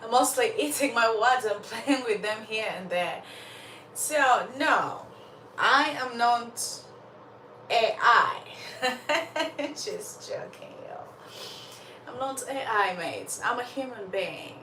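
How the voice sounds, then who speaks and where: A young woman from Uganda hosts a casual livestream chat, laughing often and coughing slightly as she's a bit under the weather. Her voice sits on the high side, pushed and bright, with lively intonation, and she takes things slowly. Recorded from a distance, the sound is roomy with faint background noise.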